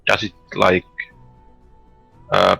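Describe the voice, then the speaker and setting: A man playing a tabletop game, speaking haltingly with many pauses. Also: sharp tone, no echo, faint music behind, poor audio. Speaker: player. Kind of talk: casual tabletop game play.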